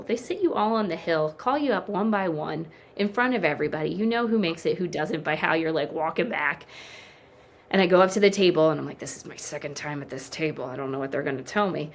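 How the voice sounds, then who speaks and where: A woman's voice: on the low side, creaky. A woman in her thirties, a podcast guest, telling a heartfelt story and acting out what people said. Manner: emotional, animated storyteller who acts out quoted dialogue. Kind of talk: interview storytelling.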